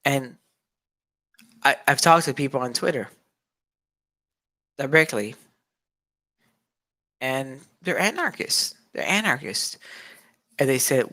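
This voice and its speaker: A man's voice: medium pitch, animated, slow pace, long pauses, pushed and bright. An agitated young man rants straight to camera in a loose monologue. He circles back over the same points again and again, and a mocking tone keeps slipping in. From United States. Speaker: vlogger. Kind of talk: casual ranting monologue.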